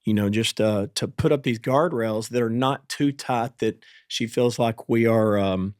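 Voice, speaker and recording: Man in his 40s, mid-pitched, halting and searching for words; dry studio podcast sound. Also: darkish tone, no echo. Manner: halting, with many restarts and fillers. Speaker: podcast host. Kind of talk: candid conversation about parenting.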